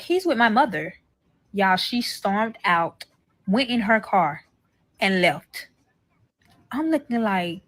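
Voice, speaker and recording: A young woman telling a profane story in a casual story-time video, and acting out what the other people said. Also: on the high side. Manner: animated, profane, acts out the other people's lines. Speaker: storyteller in a played clip.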